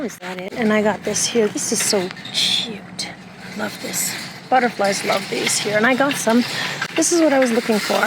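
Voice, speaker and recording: A woman's voice: on the high side, heavy background noise. A woman showing off the plants she bought in a casual gardening vlog, chatting outdoors and a little out of breath in the heat. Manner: chatty, thinking aloud about plant names. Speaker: gardening vlogger. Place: outdoors, at a garden center and in her backyard.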